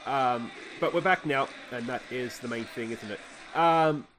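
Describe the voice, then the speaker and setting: A man with an Australian accent hosting a let's play, chatting casually about his football management game and breaking into excited shouts when goals go in. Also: mid-range voice, brisk, slight background noise.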